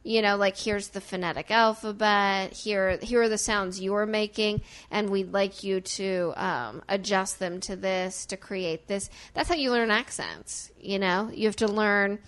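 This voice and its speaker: Bright-voiced woman from small-town Illinois. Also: medium pitch. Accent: southern Illinois, softened by accent training. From small-town Illinois, US Midwest. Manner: animated, emphatic, rapid run-on talk with many "like"s. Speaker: actor and guest. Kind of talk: casual conversation about acting.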